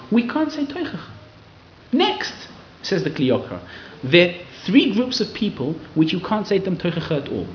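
A man giving a lively Torah class to a live audience, acting out quoted people in raised voices. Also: a little high, normal speed, slight background noise. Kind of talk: lively sermon-style Torah lecture. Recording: roomy, slightly dull hall recording.

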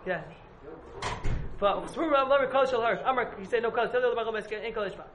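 A man's voice: very high-pitched, fast, background noise. A man teaching a casual Talmud class to a few students, rambling and repeating himself as he explains. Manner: rambling, repeats and hedges often. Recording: echoey room.

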